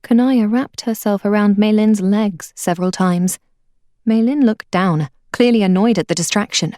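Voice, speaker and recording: Reading an audiobook, a woman uses an expressive storytelling delivery at a medium pitch and normal speed. The recording is dry and of studio quality.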